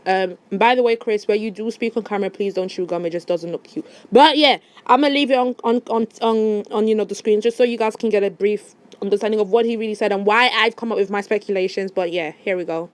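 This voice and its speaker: A woman's voice: medium pitch, fast, few pauses. A woman vlogger giving her opinionated commentary straight to her viewers. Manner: opinionated, addresses viewers directly. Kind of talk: casual commentary.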